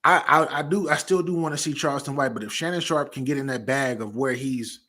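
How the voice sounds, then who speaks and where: A man's voice: mid-range voice, a little fast, bright, forceful tone. A man co-hosting a sports podcast, talking animatedly in casual debate and often repeating words as he thinks. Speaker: podcast co-host.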